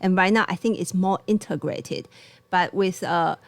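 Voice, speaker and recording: Gravelly-voiced woman chatting about tea. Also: fairly low pitch, moderate pace, no echo. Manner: laughs often, loose non-native grammar. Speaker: tea shop co-host. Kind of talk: casual live-stream chat.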